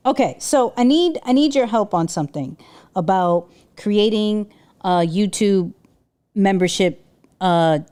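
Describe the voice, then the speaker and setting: A young adult woman hosting a casual livestream, animated and exclaiming, often restarting her sentences. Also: mid-range voice. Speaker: livestream host.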